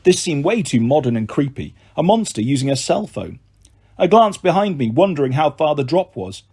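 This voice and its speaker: A male audiobook narrator telling a first-person adventure with lively, expressive delivery. His voice sits a little high and carries a faint husky texture. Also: moderate pace. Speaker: storyteller.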